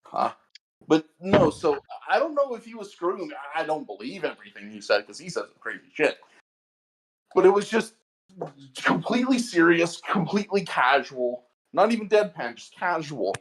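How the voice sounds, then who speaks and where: Speaking at normal speed, a podcast co-host with a slightly high, breathy-edged voice recounts his day at work in a long, casual story. He tells it animatedly, occasionally stammering at the starts.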